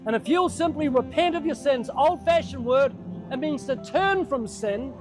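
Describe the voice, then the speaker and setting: A man's voice: extremely high pitch, animated, moderate pace, over music. A man preaching one-on-one to a stranger in an earnest, urgent way, often calling him by name. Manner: addresses the listener by name. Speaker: street evangelist.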